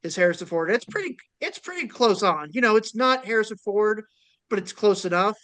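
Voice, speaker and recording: A man's voice: high voice, lively intonation, a little fast, a bit bright. A man co-hosting a casual film podcast, making dry joking asides. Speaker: podcast co-host. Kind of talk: casual chat.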